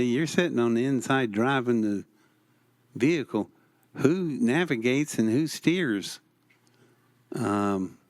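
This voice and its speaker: A man with a drawl tells his stories in an unhurried, folksy way. His voice sits on the low side, and his delivery is slow and wry. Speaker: expo speaker. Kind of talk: storytelling on stage.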